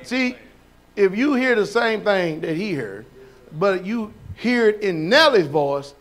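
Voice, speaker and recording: High-voiced preacher man. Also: slow pace. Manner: folksy, animated, shouts and laughs; questions the congregation. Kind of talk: sermon.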